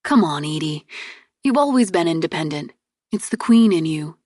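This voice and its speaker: A woman's voice: low-pitched, lively intonation, moderate pace, darkish tone, no echo, clean studio sound. A woman reader voicing a teasing, amused young prince, the heroine's twin brother, in an audiobook.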